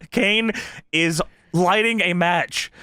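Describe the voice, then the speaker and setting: A man's voice: sits high, very slow, pushed and bright, clean tone, no room sound, clean studio sound. A man co-hosting a podcast, recapping an old wrestling show and often breaking into laughter. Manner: giggly, breaks into laughter often, acts out quotes. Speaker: podcast co-host.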